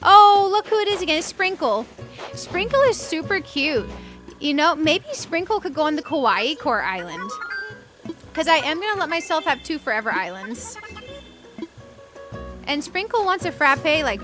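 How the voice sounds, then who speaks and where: A woman's voice: high-pitched, very animated, moderate pace, music in the background. A woman streaming a video game, chatting casually, reading chat aloud and ranting playfully with frequent giggles. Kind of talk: casual live-stream chat while gaming.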